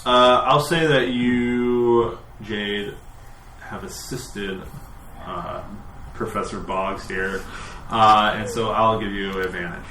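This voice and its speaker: A man narrating as game master of a tabletop game, relaxed and hesitant, recorded in a roomy space. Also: lowish voice, slow pace, slight background noise.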